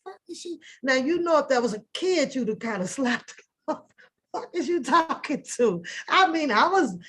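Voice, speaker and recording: A middle-aged woman, hosting a live talk stream and telling a loud, profane, animated story with lots of laughter. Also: sits high, normal speed. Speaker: host of a live panel talk show.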